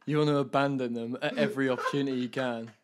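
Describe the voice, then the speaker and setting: A man co-hosts a laid-back podcast. He throws in dry, teasing quips and short questions. His voice sits at an ordinary male pitch. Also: steady tone, fast, a loud crowd. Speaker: podcast co-host. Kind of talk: casual chat.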